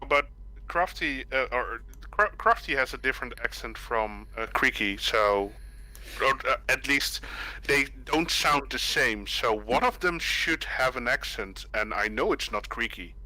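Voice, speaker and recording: Dry-humored male caller, very tense and sharp timbre, middle pitch. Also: expressive, a little slow, rough recording. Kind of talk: casual chat. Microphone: voice chat call.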